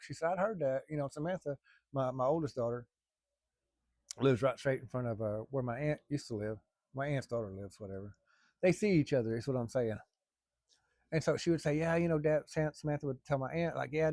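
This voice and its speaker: A middle-aged man spins a rambling family yarn, peppering it with salty words. His voice is gravelly with a bit of fry, and it sounds close and dry, with no room behind it. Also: medium pitch, a little mellow, no room sound. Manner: rambling, folksy, salty language. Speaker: storyteller. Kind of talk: casual spoken storytelling.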